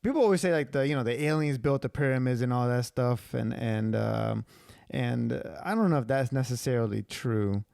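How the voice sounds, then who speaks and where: A young male stand-up comedian guesting on a podcast, easygoing and full of fillers. His voice is mid-pitched and dry, recorded close with no room echo. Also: a little fast, vocal fry, a little mellow. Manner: laid-back, filler-heavy. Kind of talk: casual comedic chat.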